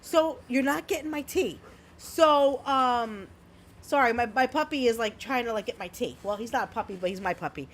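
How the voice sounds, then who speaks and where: High-voiced brash woman telling a story. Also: normal speed. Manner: brash storyteller, swears freely. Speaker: podcast co-host. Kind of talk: casual chat.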